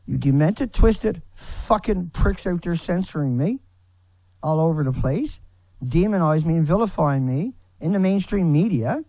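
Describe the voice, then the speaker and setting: A man delivering a furious, profanity-laden rant to camera, breaking into shouts. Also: on the high side, animated, a little slow, no echo, low-quality recording. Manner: furious, swearing, shouting in bursts.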